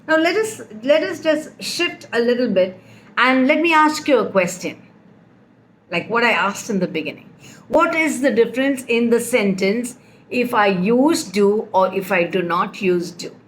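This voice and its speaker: A woman's voice: on the high side, expressive, measured pace, a little hiss or hum. A woman teaching a grammar lesson, patiently explaining with repeated example sentences. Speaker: English teacher.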